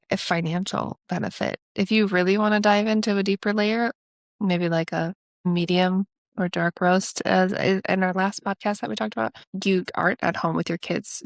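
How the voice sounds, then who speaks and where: A woman co-hosting a podcast in casual chat, opinionated and animated when she makes a point. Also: mid-range voice, no echo, studio quality. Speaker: podcast co-host.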